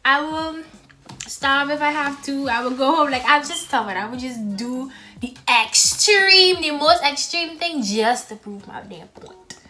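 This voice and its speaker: A woman's voice: high voice, lively intonation, a little slow, bright, forceful tone. A young woman who films herself eating at home and chats to the camera in a blunt, frank way, talking between bites. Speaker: mukbang vlogger. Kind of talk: casual talk while eating.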